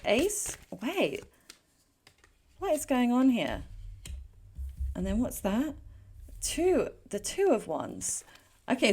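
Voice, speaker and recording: A woman's voice: medium pitch, a little mellow, a little hiss or hum. A woman giving a casual pick-a-card tarot reading in a chatty, rambling way, with frequent fillers and self-corrections. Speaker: tarot reader.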